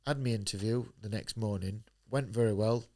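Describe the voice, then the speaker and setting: Blunt northern English man with a low voice. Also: moderate pace, darkish tone. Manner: blunt, swears freely, acts out quoted dialogue. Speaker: guest, professional boxer. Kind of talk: candid storytelling in a podcast interview.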